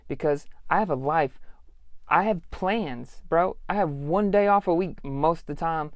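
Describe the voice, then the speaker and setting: A man's voice: fairly high pitch, measured pace, no room sound, clean studio sound. A man in his thirties hosting a solo podcast, telling a story in a casual, slangy way and ranting with profanity and frustration. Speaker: podcast host.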